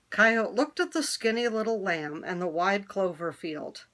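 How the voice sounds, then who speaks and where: Slow, expressive woman reading a story. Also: medium pitch. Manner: expressive, slow read-aloud. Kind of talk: reading a children's picture book aloud.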